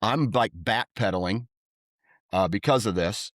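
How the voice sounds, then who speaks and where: A man's voice: on the low side, unhurried, no echo, studio quality. A man co-hosting a podcast, telling stories casually and acting out what people said in a raised voice. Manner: animated, acts out quotes in a raised voice. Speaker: podcast co-host. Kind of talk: casual storytelling.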